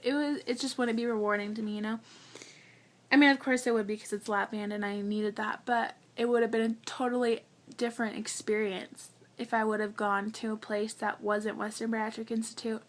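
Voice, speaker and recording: Chatty young woman with a high voice. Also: a bit bright. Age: young adult. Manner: chatty, heavy use of "like", earnest; emotional, close to tears. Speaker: vlogger. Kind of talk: casual personal storytelling.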